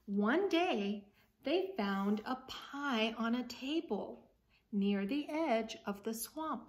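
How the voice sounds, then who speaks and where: Woman reading a storybook to a kid, slow and a bit high, stops to explain things. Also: expressive. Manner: slow and gentle, with pauses to explain; frequent fillers before reading. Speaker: story reader. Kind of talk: reading a picture book aloud to a child.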